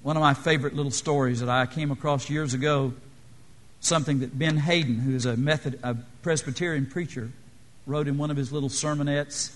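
A man preaching a sermon in an earnest, exhorting way, then praying softly. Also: fairly high pitch, fairly even intonation, brisk. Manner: earnest, exhorting, quiet in prayer.

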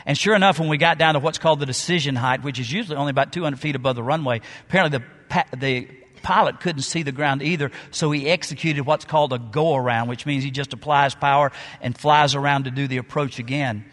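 Pastor preaching in a reverberant hall. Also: male voice, mid-range voice. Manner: storytelling, dramatic pauses, shifts loud and soft. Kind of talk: sermon. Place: church sanctuary. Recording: long reverb of a large hall.

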